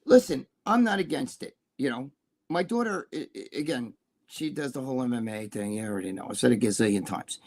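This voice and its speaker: A man's voice: medium pitch, animated, fairly quick, a little mellow. A middle-aged man co-hosting a casual live-stream chat, rambling through profane stories. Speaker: co-host.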